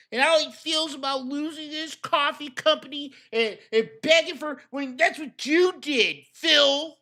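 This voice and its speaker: Brief: high-pitched, bright-toned male streamer ranting over a clip, profane and mocking. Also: unhurried, few pauses. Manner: angry, shouting, mocking. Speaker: reaction streamer. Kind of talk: profane reaction commentary.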